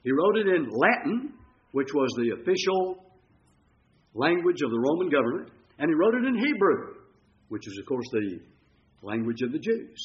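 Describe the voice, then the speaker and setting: Male preacher, lively storyteller, slightly high voice, dull lo-fi recording. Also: moderate pace. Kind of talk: sermon.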